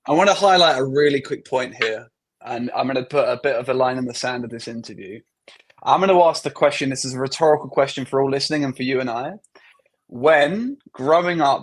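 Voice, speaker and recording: Sex: man. Role: interview host. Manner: measured, thinks aloud, restarts sentences. Pitch: mid. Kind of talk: conversational interview.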